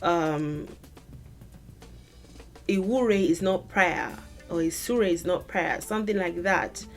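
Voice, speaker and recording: A woman language teacher explaining word meanings in a thoughtful, conversational way, pausing to rephrase and to model pronunciations. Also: fairly low pitch, faint music behind.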